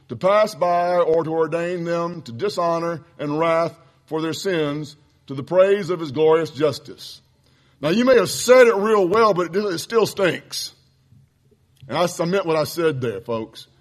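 A male preacher, teaching a sermon lesson bluntly and with passion, often calling his listeners folks. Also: high-pitched.

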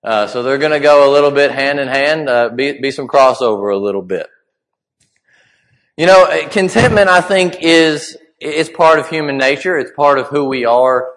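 A man delivering a sermon in a conversational, halting way with frequent restarts. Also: medium pitch, fairly bright tone. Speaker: preacher. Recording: long hall reverb.

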